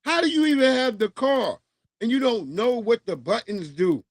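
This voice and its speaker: A man hosting a livestream, telling stories in a casual, profane, animated and mocking way. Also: very high-pitched, normal speed, no room sound. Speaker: livestream host. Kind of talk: casual storytelling rant.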